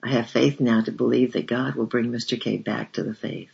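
A man voicing a soft-drawling Southern young woman. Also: medium pitch, steady tone, a little fast, vocal fry, slightly rough, muffled recording, full character voice. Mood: earnest. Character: merry young woman missionary worker.

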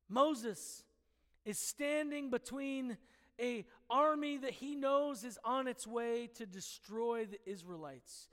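A man's voice: very high voice, unhurried, fairly bright tone, big-room sound. A man preaching a sermon, earnest and teaching, with playful asides where he chuckles at the story.

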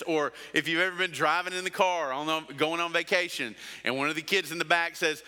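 Bright-voiced male pastor preaching in a hall. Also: on the high side, fairly even intonation, a little fast, few pauses. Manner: preaching with rhetorical questions and acted-out quotes. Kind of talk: sermon.

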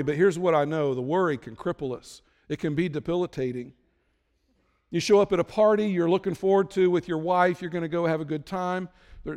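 A man with a high, bright voice preaches a sermon in an easy conversational way, dropping into hushed worried inner voices to act out what people think. His voice rings with the long reverb of a large church hall. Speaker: pastor.

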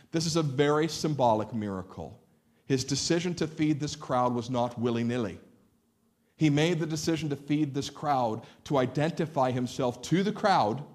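A man pastor preaching a sermon, earnest and explanatory, often repeating words as he builds a point. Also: medium pitch.

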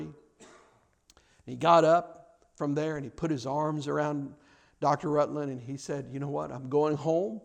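A man preaching a sermon, telling a story and acting out its people, with repeated stammers, rising loud on key lines and dropping low. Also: creaky. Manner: impassioned, swells loud on key lines then drops low.

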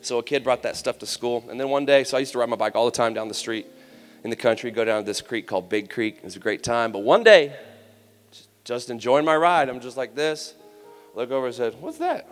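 A man's steady, mid-range voice moves at a brisk clip as he preaches his personal testimony to a youth camp. His telling is candid, conversational and humorous, and the recording carries long hall reverb with faint music.

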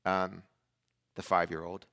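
A man preaching a sermon as a pastor, telling a family story in a casual, conversational way and acting out the dialogue with lively energy. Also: low-pitched, slow, gravelly. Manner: animated storyteller who acts out dialogue.

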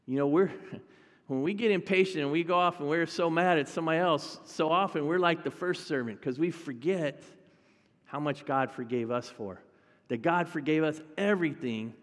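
Man, pastor, sermon, chatty, talks to the congregation, slightly high voice, long hall reverb. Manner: conversational, addresses the congregation directly.

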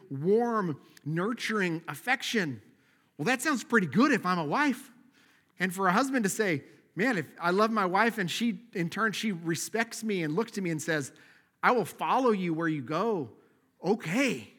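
Middle-aged guy preaching, high voice, chatty and poking fun at himself. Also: a bit bright. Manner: conversational, self-deprecating, laughs at himself. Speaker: pastor. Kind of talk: sermon.

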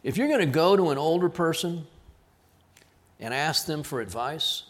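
A pastor from South Texas, his voice a little high, preaches a sermon with an earnest delivery. He drops to quiet emphasis on key words.

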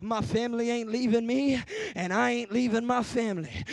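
A young adult man preaching a sermon, shouting in rhythmic bursts and dropping to hushed near-whispers. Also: very high-pitched, fairly even intonation, vocal fry, no echo. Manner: drops to a hushed near-whisper in slow passages.

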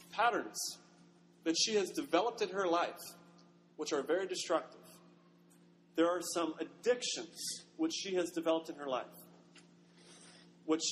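A male pastor preaching a sermon, dramatizing a story as he tells it. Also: a little high. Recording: long hall reverb, faint noise.

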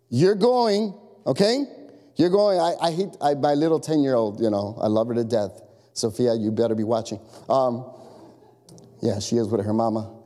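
Animated pastor preaching in a big echoing hall. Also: male voice, medium pitch. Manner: animated, repetitive exhortation with asides. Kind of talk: sermon. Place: church sanctuary. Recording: long echo of a large hall.

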